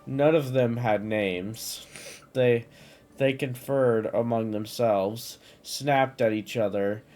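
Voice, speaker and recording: A man's voice: medium pitch, warm tone. A man casually reading a fantasy story aloud, often stumbling and restarting words. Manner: stumbles and restarts, occasional coughs. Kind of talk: casual reading of fan lore.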